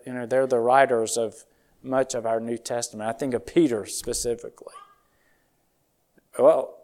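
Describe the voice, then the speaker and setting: A man preaching a sermon in an earnest, measured way, reading scripture verses aloud and closing in a soft-spoken prayer. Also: medium pitch. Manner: earnest, reads scripture aloud in measured old-style phrasing.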